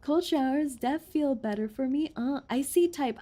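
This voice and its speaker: A woman's voice: high-pitched, moderate pace, hardly any pauses, mellow. A woman streamer chatting playfully and reading game text aloud during a gameplay stream. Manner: playful and giggly, jokes around.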